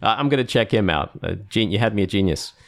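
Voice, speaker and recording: A man's voice: lowish voice, expressive, fast, vocal fry, fairly bright tone. A man hosting a podcast, talking in a casual, rambling, chatty way. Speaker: podcast host. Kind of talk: podcast interview and outro.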